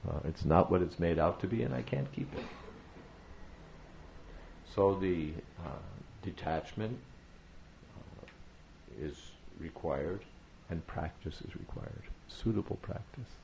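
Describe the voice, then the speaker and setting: A spiritual teacher with a very low, gravelly, slightly mellow voice gives a devotional talk. He speaks in a measured way with lively intonation, often pausing with "uh" and repeating phrases for emphasis. The recording is a bit dull, with faint hiss in the background.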